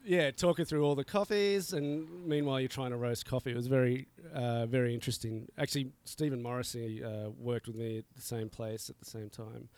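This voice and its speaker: A middle-aged man with a smooth, clean voice chats easily as a guest on an outdoor podcast. He rambles in a relaxed way, dropping fillers and chuckling often. His pitch sits at an ordinary middle height. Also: fairly quick, few pauses. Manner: laid-back, chuckling, many fillers. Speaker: coffee roaster guest. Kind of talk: casual podcast chat.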